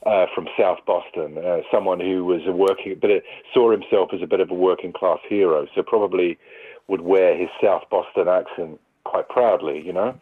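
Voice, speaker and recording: A male actor answering interview questions in a thoughtful, rambling way, with many restarts. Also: low voice. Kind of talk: conversational interview. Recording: tinny phone-like line.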